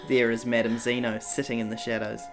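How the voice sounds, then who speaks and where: A man's voice: medium pitch, completely flat delivery, a little fast, soft background music. A man co-hosting a podcast, reading a choose-your-path story aloud in a playful, joking way between chat. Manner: playful, often breaks into laughter. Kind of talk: casual chat and playful read-aloud narration.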